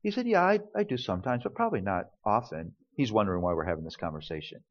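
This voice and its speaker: A man's voice: lowish voice, big pitch swings, fast. A man speaking as a pastor, telling a family story in earnest sermon style and acting out the quoted dialogue. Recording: dull lo-fi recording.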